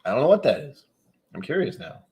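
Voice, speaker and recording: A man from New England chatting casually on a live stream. He reads out viewer comments and rambles along with wry, sudden animated asides. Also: a little high, a little fast, vocal fry, slightly rough, highs cut off.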